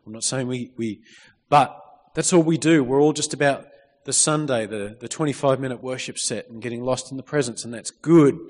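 Lively male preacher in a reverberant hall. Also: medium pitch, moderate pace. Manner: lively, calls out for amens, reads scripture. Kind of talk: sermon. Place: church hall. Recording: long reverb of a church hall.

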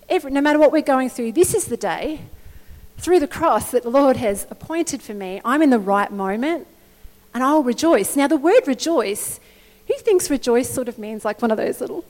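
A middle-aged woman gives a sermon in a lively, conversational way, often pausing to check in with her listeners. Her voice sits slightly high, and a long reverb trails behind her words in a large hall. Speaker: preacher.

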